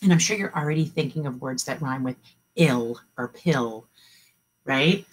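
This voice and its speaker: A woman teaching an online kindergarten class, modeling letter sounds slowly and cheering the children on. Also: a bass voice, lively intonation, breathy edge. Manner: slow, encouraging, drawn-out sound modeling. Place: home, video meeting.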